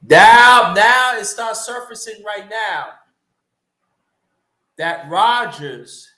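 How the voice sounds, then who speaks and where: Animated high-pitched man, roomy sound. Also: very slow. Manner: animated, swearing, trailing restarts. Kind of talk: casual football chat.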